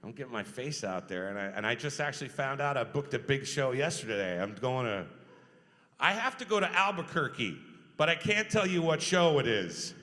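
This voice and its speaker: A middle-aged man, a voice actor, telling stories at a convention panel Q&A, animated and quick to laugh. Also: medium pitch. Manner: animated storyteller, acts out quotes, laughs often. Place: large convention hall. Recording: reverberant convention hall.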